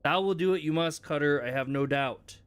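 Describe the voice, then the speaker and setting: A man's voice: on the high side, brisk, clear, resonant tone, dry recording, lightly acted. A man voicing a stern, menacing male woodcutter who talks in faux-Olde English and accuses others. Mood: accusing.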